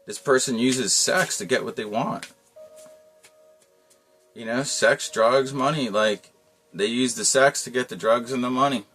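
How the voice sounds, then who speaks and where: A man's voice: medium pitch, unhurried, long pauses, fairly bright tone, husky, faint music behind. A man giving a casual tarot reading, talking in a loose, rambling way with lots of slang and frequent chuckles. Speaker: tarot reader.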